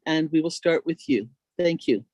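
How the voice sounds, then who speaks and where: A woman's voice: low-pitched, normal speed, darkish tone, dry recording. Gracious woman hosting a video call. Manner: gracious, calling on speakers one by one. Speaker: meeting host.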